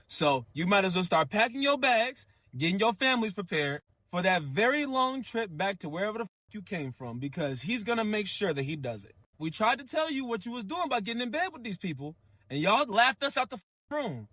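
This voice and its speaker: A man's voice: high voice, big pitch swings, brisk, bright, forceful tone, no echo. A man giving a blunt, scolding rant in casual slang. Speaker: commentator. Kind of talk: ranting commentary.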